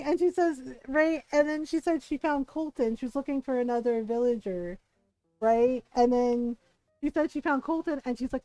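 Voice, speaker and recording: A woman streaming a cozy life-sim game, chatting casually while she decorates. She is animated, laughs often, and swears freely. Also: sits high, moderate pace, no echo, low-quality recording. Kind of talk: casual gaming stream chat.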